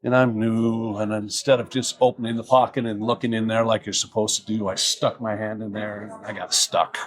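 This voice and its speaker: A man's voice: fairly low pitch, little pitch movement, moderate pace. A middle-aged man, a police officer, telling a casual story from his early years on the job in a dry, easygoing way, acting out both sides of the exchange. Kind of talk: casual anecdote.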